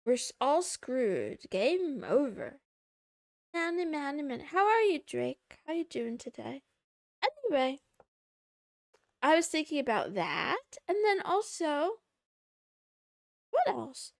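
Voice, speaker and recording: A woman's voice: high voice, big pitch swings, takes it slowly, pauses often, no echo, studio quality. A woman VTuber chatting casually on a live stream, giggling, teasing herself and reading viewer messages aloud. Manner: giggly, self-mocking, reads chat aloud.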